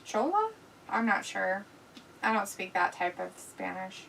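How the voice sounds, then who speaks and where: Her gravelly, slightly bright voice is medium-pitched with big pitch swings and an unhurried pace, caught by a distant mic on a rough recording with a little hiss or hum. She runs a casual, profane watch-along stream, reading comments out and firing back crude, blunt jokes while laughing often.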